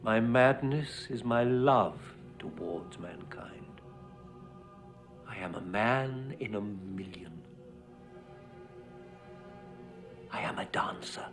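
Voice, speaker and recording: An actor playing a tormented young male dancer sliding into madness, delivering a film voice-over monologue in a hushed, often whispered voice that breaks into far-off shouts. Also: fairly low pitch, animated, slow pace, over music. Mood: hushed rapture.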